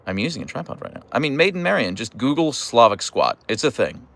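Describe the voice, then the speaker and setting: A man's voice: medium pitch, very animated, quick pace, vocal fry, fairly bright tone. A man from Pittsburgh with a Pittsburgh accent, chatting casually on a livestream, reading viewer comments and teasing. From United States. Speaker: livestream host reading chat.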